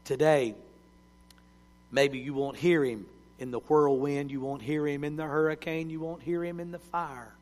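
A male preacher, telling stories in a sermon and swinging between loud cries and hushed words. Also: a little high, fairly even intonation, moderate pace, slight background noise. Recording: long hall reverb.

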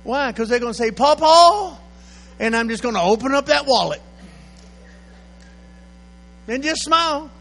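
An older man, preaching a sermon that swings from quiet storytelling to loud, shouted exhortation. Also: very high voice, expressive, normal speed, gravelly, pauses often, soft background music. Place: church sanctuary. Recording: echoey hall with faint mains hum.

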